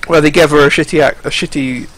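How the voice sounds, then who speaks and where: A man's voice: fairly high pitch, steady tone, fast talker, a bit bright, low-quality recording. Rambling, cursing young man. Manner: rambling, profane, frequent restarts. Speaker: fighting game commentator. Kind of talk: casual commentary over game footage.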